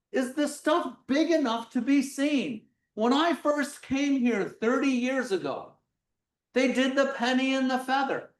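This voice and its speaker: A middle-aged physics instructor leading a live virtual workshop from a large lecture hall, talking bluntly and casually with jokes. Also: medium pitch. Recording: echoey hall, distant mic.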